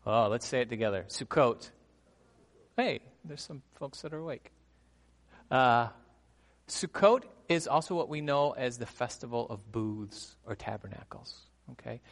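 A man delivers an animated sermon from the pulpit, pitched at a middling level for a man. He drops quick rhetorical asides and coaxes his congregation to repeat words back. A long reverb from the large hall trails his voice. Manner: animated, with rhetorical "right?" asides and crowd prompts. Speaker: pastor. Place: church sanctuary.

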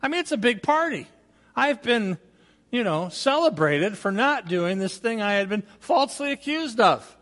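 Older man, guest preacher, higher-pitched voice, folksy storytelling, recorded in a church with a long echo. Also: big pitch swings, moderate pace, a bit bright. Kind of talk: sermon. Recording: long reverb of a large hall.

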